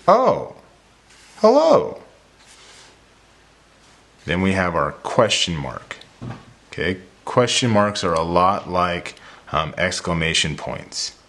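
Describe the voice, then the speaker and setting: A teacher talking children through a reading and drawing lesson, patient and step by step, with playful demonstrations. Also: male voice, low voice, measured pace, pushed and bright.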